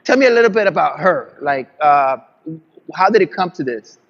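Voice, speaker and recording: A man's voice: on the high side, expressive, moderate pace, fairly bright tone, dull audio. A man interviewing a podcast guest. He encourages him and asks prompting questions with many fillers.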